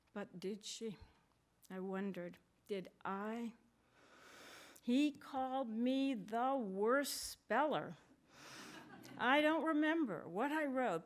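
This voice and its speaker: Slow, measured woman reading fiction. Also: mid-range voice. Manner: measured, deliberate reading with brief asides. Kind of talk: literary reading. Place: conference reading.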